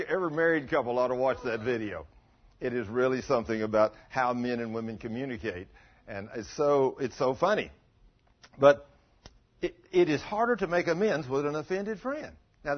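Husky pastor, lively high voice. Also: male voice. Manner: rambling, joking, with repeated restarts. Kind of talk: folksy conversational sermon. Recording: dull lo-fi sermon recording.

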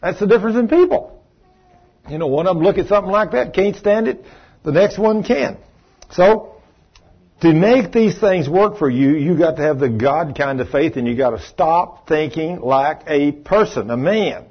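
A man's voice: a little high, expressive, moderate pace, husky, highs cut off. A man preaching a folksy televised sermon, acting out the voices of people he quotes.

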